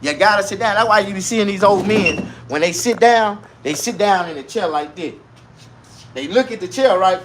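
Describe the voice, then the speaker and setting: Guy going off on a crude comic rant, high bright voice, bit of hiss behind. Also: normal speed. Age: 40s. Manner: loud, crude, animated street slang. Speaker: vlogger. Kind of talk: casual comedic rant to camera.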